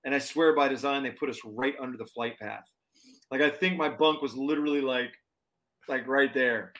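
A man telling a story in casual chat, animated and full of fillers and restarts. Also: medium pitch, normal speed. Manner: animated, lots of fillers and restarts, acts out quotes. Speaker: touring performer guest.

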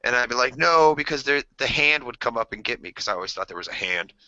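A man co-hosting a casual podcast chat, telling animated stories and acting out the voices in them. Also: mid-range voice, quick pace, no echo. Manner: animated storyteller, acts out voices. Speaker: podcast co-host. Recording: dull lo-fi podcast audio.

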